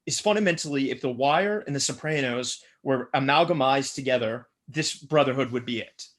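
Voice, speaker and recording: A man's voice: medium pitch, moderate pace, fairly bright tone. A man hosting a podcast interview, often agreeing with his guest. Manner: affirming, frequent yeahs. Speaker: podcast host.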